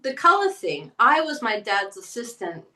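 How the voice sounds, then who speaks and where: A woman's voice: fairly high pitch, big pitch swings, moderate pace, bright, forceful tone. A middle-aged woman telling stories as an interview guest, chatting casually and acting out quotes. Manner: chatty storytelling, acts out quotes. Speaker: guest, painter. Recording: roomy, from a distance.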